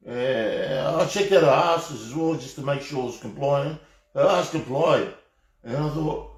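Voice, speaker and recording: A fired-up Australian man rants at the camera on a live stream, swearing constantly and tripping over his own restarts. His voice sits a little high for a man. It bounces around an echoey room. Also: normal speed, a little mellow. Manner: heated, rambling, heavy swearing, repeated restarts. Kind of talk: profane off-the-cuff rant.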